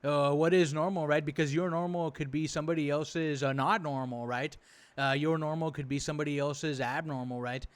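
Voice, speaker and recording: A man's voice: fairly high pitch, fairly even intonation, fairly quick, clear, resonant tone. A man giving a rambling, profane reaction commentary, indignant and exasperated, with lots of fillers. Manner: indignant, exasperated, swears freely. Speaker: reaction video host.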